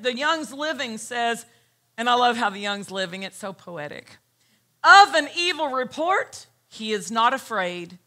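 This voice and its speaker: A woman pastor preaching a sermon, emphatic and repeating her key phrases as she reads scripture slowly. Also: a little high, sharp tone. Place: church.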